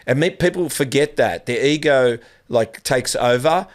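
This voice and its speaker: A male podcast host, voice in a middle pitch. He talks in long, rambling turns, restarting sentences and pushing his own opinions. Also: unhurried. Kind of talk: casual conversational interview.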